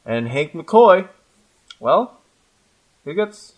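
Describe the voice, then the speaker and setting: A man's voice: fairly high pitch, very animated, drawn-out words. A man co-hosting a casual comic book podcast, upbeat and chatty as he recommends his favorite parts. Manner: upbeat, chatty, slips into playful character voices. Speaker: podcast co-host.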